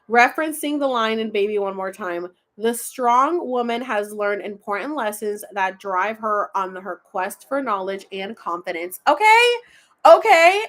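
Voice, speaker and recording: A chatty woman with a slightly high voice hosts a casual livestream, pulling cards and reading them aloud. She talks loosely and swears freely, laughing between readings. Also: a bit bright.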